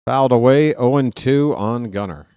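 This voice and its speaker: A man's voice: medium pitch, moderate pace, mellow, smooth, dry recording, studio quality. A man calling a ballgame play-by-play on a fan live stream, chatty, joking and fussy.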